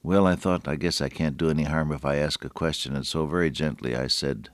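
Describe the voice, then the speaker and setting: A man preaching a sermon in an earnest way, slowing down and stressing key words. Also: extremely low pitch, fairly even intonation, no room sound, studio quality.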